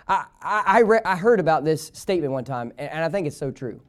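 A man preaches to his congregation in a church. His voice sits high for a man, and he drives his points home by repeating phrases and having the church read lines back with him. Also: animated, quick pace, hardly any pauses. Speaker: pastor. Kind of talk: sermon. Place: church sanctuary.

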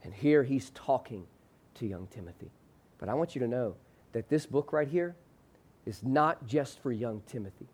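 A male pastor preaching a sermon. He leads the congregation in call-and-response, slows hard on the key phrase, and lets his phrase endings drop low and soft. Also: lively intonation, slightly rough. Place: church sanctuary with a screen behind him.

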